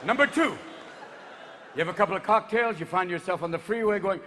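A man in his fifties performing a rapid-fire stand-up comedy routine live on stage, jumping into voices. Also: sits high, a bit bright, big-room sound, slight background noise. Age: 50s. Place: live stage before an audience.

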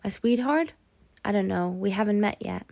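A weakened but curious young male prisoner who keeps asking questions, as a woman reads him. The tone is gravelly and dry. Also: high voice, expressive, normal speed, darkish tone, no room sound. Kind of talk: audiobook character voice.

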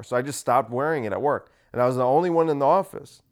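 A man's voice: medium pitch, lively intonation, fast talker. A man hosting a casual solo podcast, ranting sarcastically and swearing freely. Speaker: podcast host.

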